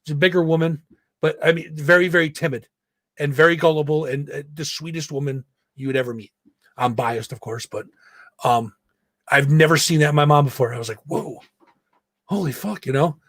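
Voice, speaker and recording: A podcast host with a fairly high voice speaks briskly on a dry recording from his home studio. He casually tells a story packed with swearing, animatedly acting out the quotes of the people in it. He mutes his own mic whenever he vapes.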